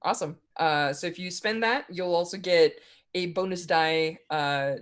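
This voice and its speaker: A game master narrating a tabletop role-playing game, talking in halting bursts with frequent restarts and little laughs. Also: medium pitch, fairly bright tone.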